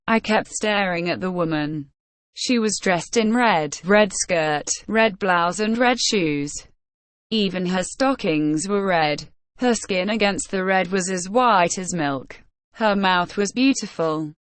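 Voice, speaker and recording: An audiobook reader with a mid-range voice reads a first-person graded-reader story aloud, pacing it carefully for English learners. The scripted narration has no echo.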